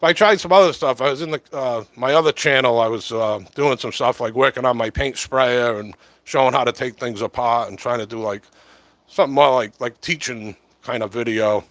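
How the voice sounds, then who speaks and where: A man's voice: medium pitch, moderate pace, a bit bright, no room sound. A middle-aged man chatting casually and meandering on a livestream, talking close to a short-corded mic at his camera at home. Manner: chatty, meandering, lots of fillers. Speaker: livestream host. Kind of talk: casual rambling livestream chat. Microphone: short-corded mic right at the camera.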